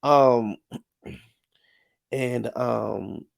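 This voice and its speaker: A man's voice: medium pitch, fairly even intonation, very slow, gravelly. A man giving casual, sassy reality-TV recap commentary, full of slang like "child" and "honey.".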